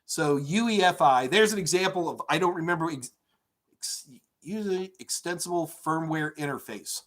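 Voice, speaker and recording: A middle-aged male tech instructor answers chat questions on a live stream from his home office. His voice sits a little on the high side, and his delivery is energetic, loose and full of fillers. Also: moderate pace. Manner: energetic, chatty, rambling with many fillers. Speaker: IT certification instructor.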